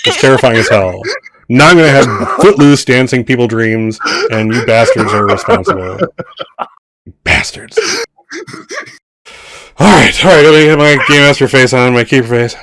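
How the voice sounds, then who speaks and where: A man's voice: mid-range voice, fairly quick, a bit bright, dry recording. A man running a tabletop horror game as game master, joking and exclaiming with his players.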